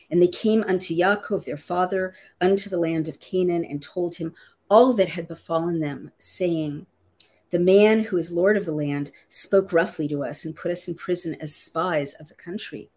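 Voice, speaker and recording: Low husky woman reading scripture. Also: warm tone. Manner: reads archaic verses, then restates them in everyday words. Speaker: Bible teacher. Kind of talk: reading scripture aloud with plain-language glosses.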